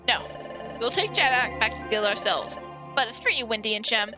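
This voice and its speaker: A woman doing a gentle Pokemon guild leader. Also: fairly high pitch, expressive, fairly quick, over music, voice pushed down, natural voice. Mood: firm. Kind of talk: live-streamed game playthrough, reading dialogue aloud.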